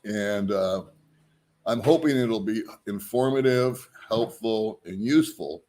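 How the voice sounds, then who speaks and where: A man's voice: lowish voice, slow, mellow. A man hosting his own vlog, chatting casually and loosely, with frequent ums and chuckles. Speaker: vlog host. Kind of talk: casual rambling vlog chat.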